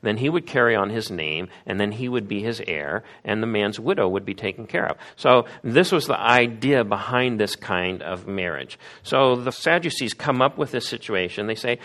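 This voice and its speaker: A man's voice: on the low side, lively intonation, moderate pace, few pauses, a bit bright. A man preaching a sermon in an emphatic way, acting out the voices of the people in the story he tells. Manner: acts out quoted voices, emphatic.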